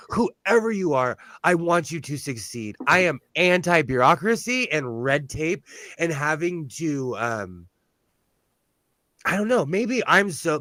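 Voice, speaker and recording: Casting note: chatty, blunt man, slightly high voice, dry close recording. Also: fairly bright tone, no echo. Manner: talkative, blunt, self-deprecating. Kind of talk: casual chat. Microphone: on-camera mic.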